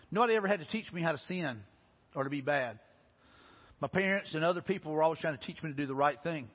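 A man preaching a sermon, telling stories in a folksy, animated way. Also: fairly high pitch, breathy edge. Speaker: pastor. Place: church sanctuary. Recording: lo-fi recording with long hall reverb.

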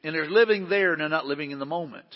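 A man's voice: fairly high pitch, fast talker. A middle-aged man preaching a sermon, folksy and conversational, often restarting his sentences. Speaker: pastor. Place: large church hall. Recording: muffled hall recording with long reverb.

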